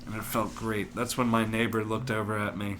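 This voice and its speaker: A man's voice: fairly low pitch, little pitch movement, a little fast. A young man co-hosting a podcast, rambling through stories with lots of swearing and laughter. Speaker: podcast co-host. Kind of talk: casual chat.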